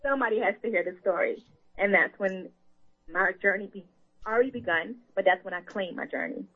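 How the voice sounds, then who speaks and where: A woman's voice: medium pitch, a little fast, breathy edge. A woman author and advocate speaking as a guest in an earnest, heartfelt, conversational way. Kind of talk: guest interview. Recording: tinny phone line.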